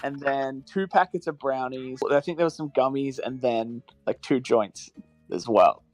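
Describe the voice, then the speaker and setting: A man's voice: medium pitch, measured pace, a little mellow, no room sound, faint music behind, low-quality recording. A young man casually telling a rambling, laugh-filled story as a podcast co-host. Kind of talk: casual chat.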